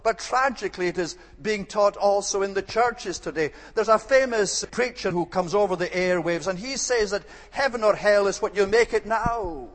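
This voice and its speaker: A man preaching a sermon in an evening church service, measured and emphatic, pausing on the occasional um. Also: high-pitched. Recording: long hall reverb.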